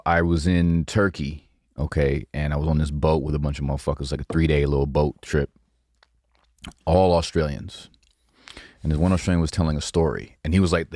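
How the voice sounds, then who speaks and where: A man talking in a relaxed, wry, reflective way in casual podcast chat. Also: rumbling low, no echo, clean studio sound. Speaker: podcast co-host.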